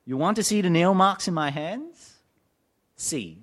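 Firm daring Jesus, as a preacher puts him on, animated, plain voice. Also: male voice, sits high, measured pace, voice pushed up. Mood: challenging. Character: risen Jesus, adult man, challenging doubter.

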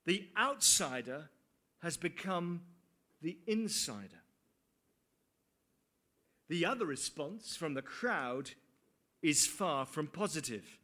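High, bright-voiced preacher. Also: male voice, animated, slow, long pauses. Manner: earnest, with rhetorical questions and dry asides. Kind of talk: sermon.

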